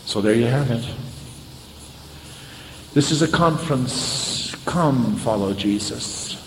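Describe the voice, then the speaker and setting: A man delivers a sermon with dramatic storytelling. His voice swings from loud to hushed. It rings through an echoey hall with a long reverb and faint ambience behind him. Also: medium pitch, lively intonation, slow pace, noisy background. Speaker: preacher.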